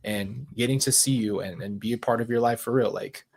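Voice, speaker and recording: A man's voice: mid-range voice, brisk, gravelly, breathy edge. A man hosting a livestream, speaking to his viewers in casual, heartfelt chat and often repeating himself. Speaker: livestream host.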